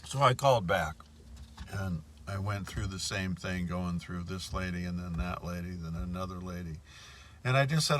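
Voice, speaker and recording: A man's voice: sits low, normal speed, a bit bright, a little hiss or hum. A man telling a story in a casual monologue, indignant and repeating his points. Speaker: bank customer telling of a complaint.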